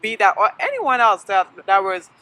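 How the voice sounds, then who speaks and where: A woman from Sierra Leone hosting an interview, asking halting questions full of fillers. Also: medium pitch, big pitch swings, pushed and bright, low-quality recording. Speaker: show host. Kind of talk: conversational interview.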